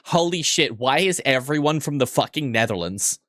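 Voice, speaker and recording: A young man rattles through a casual live-stream chat, swearing freely and tossing off quick asides. His voice sits at an ordinary middle pitch and sounds dry and close, with no room around it. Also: lively intonation, fairly bright tone, no room sound.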